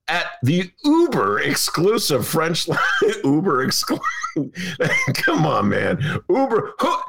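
A man's voice: mid-range voice, vocal fry, a bit bright. A man hosting a talk radio show, delivering an opinionated monologue with sarcasm and frequent laughter.

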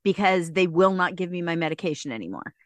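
A woman co-hosting a podcast in casual conversation, earnest and pushing back with halting buts. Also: on the low side, expressive, no room sound. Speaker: podcast co-host.

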